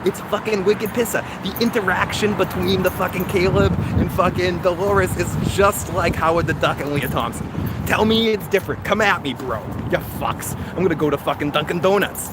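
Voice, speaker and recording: A man's voice: high-pitched, moderate pace, pitched above the performer's own voice, lightly acted. A man putting on a brash, foul-mouthed guy with a Boston accent, ranting with swagger. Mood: cocky rant. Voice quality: swaggering, constant swearing, shouty. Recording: outdoor traffic noise.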